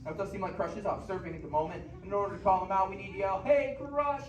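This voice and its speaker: Brief: young male attraction host, upbeat and lively, high voice, echoey theater from afar. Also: racing, a crowd in the background. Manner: upbeat, friendly instructions. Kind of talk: safety spiel and audience warm-up. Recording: echoey theater recorded from far off.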